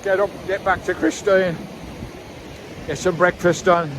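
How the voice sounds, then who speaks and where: A British man vlogging his vanlife travels, excited and out of breath after a climb, exclaiming often. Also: high-pitched, unhurried, background noise. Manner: exclamatory and enthusiastic, lots of "wow"; relaxed, rambling chat with fillers. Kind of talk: casual vlog commentary.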